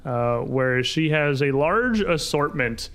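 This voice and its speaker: A man narrating as game master in a tabletop game, chatty and quick to laugh. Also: a little high. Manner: chatty, laughs often, lively delivery.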